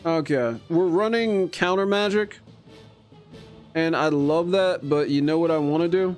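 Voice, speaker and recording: An excitable man gives casual commentary while he plays a game. His talk swings from quiet muttering to bursts of glee, his voice sits slightly high, and faint game music plays behind him. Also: unhurried. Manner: chatty and excitable, jumping between mutters and gleeful outbursts. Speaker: streamer.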